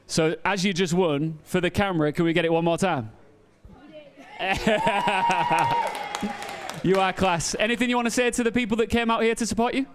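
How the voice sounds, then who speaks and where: A man interviewing a winning player live on the event floor in an excitable, upbeat manner. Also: sits high, fast, hardly any pauses, a crowd in the background. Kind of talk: live post-match interview. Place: esports event venue. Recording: noisy crowded event floor.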